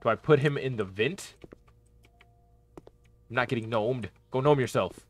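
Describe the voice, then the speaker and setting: A man hosting a gaming channel, giving casual commentary on a horror game, talking to himself and yelling when panicked. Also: medium pitch, a little slow. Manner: excitable, talks to himself and yells in panic.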